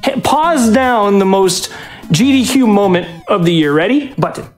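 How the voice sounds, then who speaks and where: Man, lively swooping voice, doting dog commands, live speedrun talk, faint music behind. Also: sits high, measured pace.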